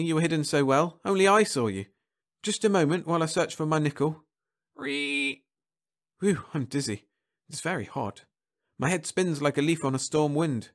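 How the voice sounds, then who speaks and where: A male storyteller reads a science fiction tale in the first person, acting out the emotions of each line. His fairly high voice rises and falls widely. The delivery is dramatic and expressive.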